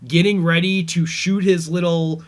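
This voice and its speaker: Brief: male host, slightly high pitch, loose filler-heavy commentary talk. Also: little pitch movement, a little slow. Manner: rambling, filler-heavy, easygoing. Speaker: podcast host. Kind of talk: casual episode commentary.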